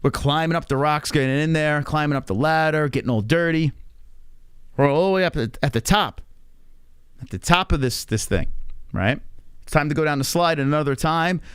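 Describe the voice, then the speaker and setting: A man in his thirties hosting a live stream, telling rambling, profane anecdotes in a casual, animated way. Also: on the high side, normal speed, smooth, dry recording, studio quality. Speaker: stream host.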